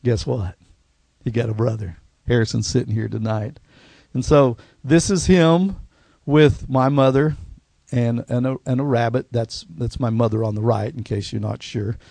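A middle-aged man, a pastor telling his life story in a sermon, folksy and going quiet at the emotional parts. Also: medium pitch, steady tone, moderate pace, vocal fry, no room sound. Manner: folksy storytelling, drops to a hushed voice at emotional points. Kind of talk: personal testimony sermon.

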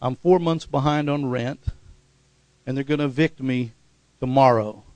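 A man preaching a sermon full of stories, climbing to loud excited peaks, acting out the voices in his tales and calling out for amens and hallelujahs. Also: mid-range voice, normal speed, no echo. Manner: calls for "amen" and "hallelujah" response. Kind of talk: sermon with storytelling.

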